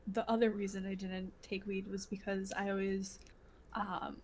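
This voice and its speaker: A woman's voice: mid-range voice, little pitch movement, moderate pace. Woman rambling on a chill podcast, lots of um and like, faint noise behind. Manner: rambling, many fillers and restarts. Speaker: podcast co-host. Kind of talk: casual chat.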